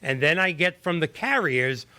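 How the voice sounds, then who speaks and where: Energetic bright-voiced male host. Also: a little high, no room sound. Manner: energetic, rapid-fire questioning. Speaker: show host. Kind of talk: panel discussion.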